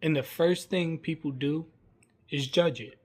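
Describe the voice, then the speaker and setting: A man hosting a vlog, giving earnest, measured commentary in short plain phrases. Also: a little high, darkish tone. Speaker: commentary vlogger. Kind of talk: reflective commentary.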